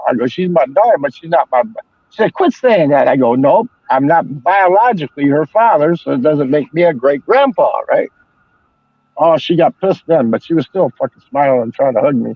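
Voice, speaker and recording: A man's voice: fairly high pitch, lively intonation, a little fast, no echo. An older man chatting casually as a stream host, telling rambling, profane stories. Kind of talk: casual chat. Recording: dull lo-fi sound.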